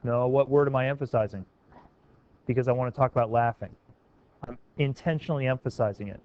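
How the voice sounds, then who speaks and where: A man's voice: mid-range voice, fast talker, highs cut off. A man teaching a class, calling on students by name and coaxing them to try sentence revisions. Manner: encouraging, questioning students by name.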